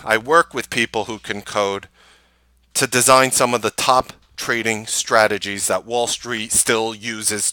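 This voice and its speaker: A man host recapping a trading day and pitching his course, emphatic and full of rhetorical questions. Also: pushed and bright, no echo.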